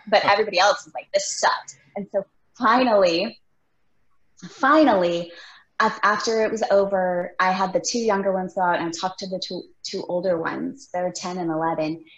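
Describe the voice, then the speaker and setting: A woman's voice: mid-range voice, normal speed. Earnest woman in a roomy space. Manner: earnest, encouraging, animated storyteller. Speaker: podcast co-host. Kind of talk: casual conversational talk. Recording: roomy, slightly dull sound.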